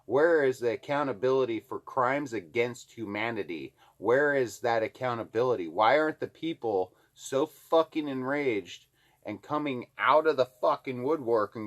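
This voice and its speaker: A man's voice: mid-range voice, animated, normal speed, fairly bright tone. A man from Alaska ranting heatedly to the camera, swearing constantly. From Alaska, USA. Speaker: vlogger. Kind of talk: angry political rant to camera.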